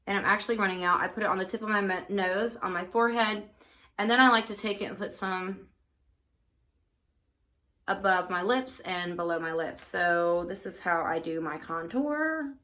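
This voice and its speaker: A woman's voice: mid-range voice, normal speed, bright, forceful tone. A woman beauty vlogger chatting casually and candidly through her makeup routine, with lots of fillers. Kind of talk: casual get-ready-with-me chat.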